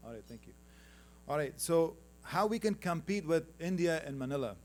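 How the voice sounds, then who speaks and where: At a conference panel, a man from Afghanistan with an Afghan accent gives a conversational slide presentation, teasing the audience and calling for the next slides. His voice is on the high side with lively intonation and a moderate pace, and faint music plays in the background.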